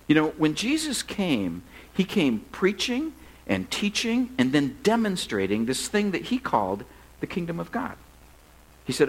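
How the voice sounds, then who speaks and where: A middle-aged man preaching as a pastor, telling funny stories in a relaxed, conversational way. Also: on the high side, normal speed, rough recording. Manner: conversational, humorous storytelling. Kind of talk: sermon.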